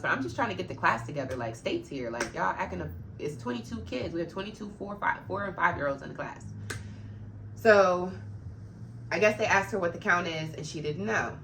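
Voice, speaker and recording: A woman's voice: on the low side, fairly bright tone, a little hiss or hum. A woman who works as an after-school program supervisor tells a work story straight to camera, getting heated, blunt and swearing freely as she vents.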